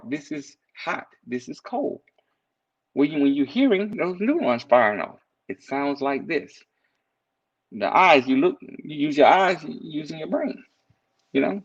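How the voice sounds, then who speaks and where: A man with a husky, slightly breathy voice talks in a lively, swooping way, pitched a little higher than most men. He hosts a casual inspirational live stream, chuckling and greeting viewers by name. The sound is a bit dull and lo-fi. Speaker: live stream host reading viewer comments.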